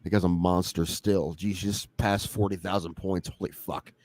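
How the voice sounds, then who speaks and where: A man's voice: deep voice, level tone, normal speed, a little mellow. A man, co-hosting a podcast, talking loosely and joking, swearing freely. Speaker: podcast co-host. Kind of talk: casual chat.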